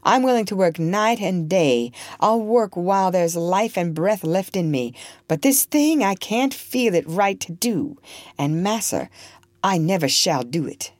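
A woman voicing a gentle, steadfast older man who speaks softly and respectfully. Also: lowish voice, sing-song, slow pace, no echo, exaggerated voice. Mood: resolute. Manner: quiet, soft and respectful.

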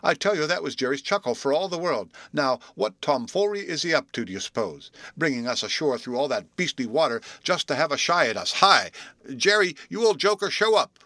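A man voicing an eager, excitable young man in a storybook reading, exclaiming as he talks. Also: medium pitch, brisk, hardly any pauses, dry recording, voice pushed up. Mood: excited.

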